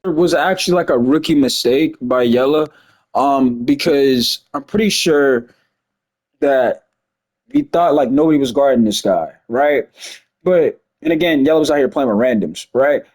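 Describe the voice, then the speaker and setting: A man giving a casual, emphatic breakdown of a basketball game replay, talking fast and checking in with his viewers as he goes. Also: mid-range voice, a little mellow. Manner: fast-talking, emphatic, keeps asking "you see what I'm saying". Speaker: gaming video commentator.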